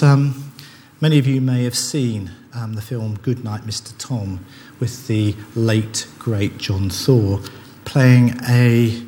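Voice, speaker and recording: A man's voice: fairly low pitch, a little mellow, slight background noise. A man preaching a sermon in an earnest, conversational way, often restarting his sentences. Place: church. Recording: long reverb of a church hall, faint ambience.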